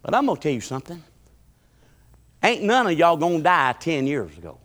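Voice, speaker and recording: A man preaches a sermon, his voice high and bright. He swings between loud shouts and hushed, low talk. The church sanctuary gives a long trailing reverb. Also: sing-song, fairly quick. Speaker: pastor.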